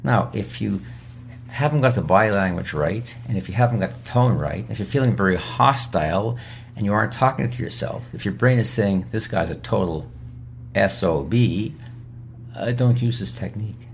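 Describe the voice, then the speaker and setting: A man's voice: on the low side, a little fast, creaky, a little hiss or hum. A man, a physician, giving emphatic, repetitive coaching advice as an interview guest. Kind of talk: instructional interview answers.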